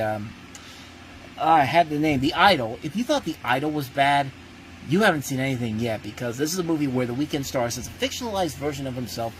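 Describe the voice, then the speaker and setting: A man's voice: medium pitch, a little hiss or hum, poor audio. A man giving a casual spoken movie review as host, blunt and ranting, often breaking off and restarting his sentences.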